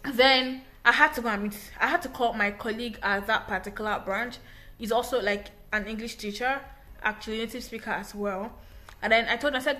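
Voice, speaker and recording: Animated woman telling a story. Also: a little high, brisk, soft background music. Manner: animated, emphatic retelling with restarts. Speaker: English teacher. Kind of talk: casual storytelling.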